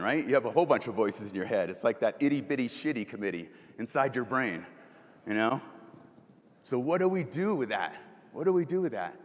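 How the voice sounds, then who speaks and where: Man, motivational keynote speaker, asks audience questions, guides breathing, mid pitch, long hall reverb. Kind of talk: live conference keynote. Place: large conference hall.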